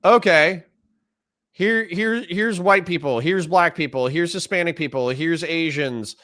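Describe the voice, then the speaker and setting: A man's voice: fairly high pitch, measured pace, fairly bright tone. A man hosting a reaction video, commenting on a played clip in an exasperated, sarcastic rant and thinking aloud as he types out lists.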